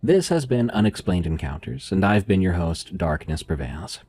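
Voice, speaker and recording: Deep-voiced nasal male horror narrator. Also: sing-song, moderate pace, a little mellow, soft background music. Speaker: horror story narrator and podcast host.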